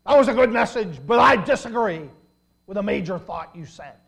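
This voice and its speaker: A man preaching a sermon, acting out a self-assured male town lawyer who protests loudly and with emphasis. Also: sits high, expressive, moderate pace, gravelly, voice pushed up, heavily acted. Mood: indignant. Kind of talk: sermon illustration.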